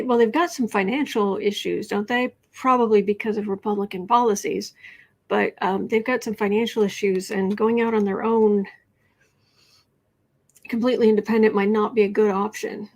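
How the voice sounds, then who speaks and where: A woman hosting a tarot livestream, chatting casually and reading out viewer comments. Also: on the high side. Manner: soft-spoken, cooing to a pet cat between readings. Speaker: tarot reader and livestream host.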